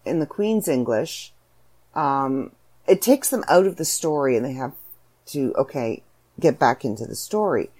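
A Canadian woman with a Canadian accent, hosting a podcast and talking casually about her writing in a chatty, animated way. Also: sits low. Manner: chatty, animated storytelling with voiced asides. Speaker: podcast host and author. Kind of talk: casual solo podcast monologue.

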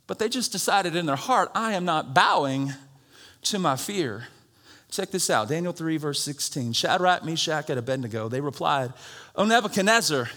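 A high-voiced man with a bright, ringing tone preaches a sermon in a church auditorium. He drops into hushed, confiding teaching, then climbs into shouted calls for an amen. He jokes with the congregation and speaks with a drawl. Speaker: pastor.

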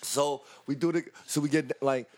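A man and actor telling an animated, profane story in casual chat, acting out the voices. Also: on the high side, normal speed.

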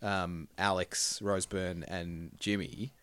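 A man in casual conversation about a film, animated when he quotes characters. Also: deep voice, slow, heavy background noise.

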